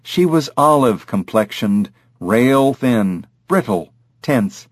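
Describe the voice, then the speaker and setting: A man reading a novel aloud as narrator, with steady, even storytelling. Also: mid-range voice, slow pace, no echo, studio quality. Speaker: audiobook narrator. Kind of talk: scripted narration.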